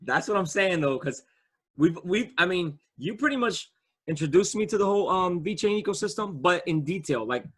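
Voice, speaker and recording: A man with a high-pitched voice hosts a casual video call. He talks in loose, slangy bursts that repeat themselves and keep picking up excitement. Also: normal speed, breathy edge. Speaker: host. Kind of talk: casual chat.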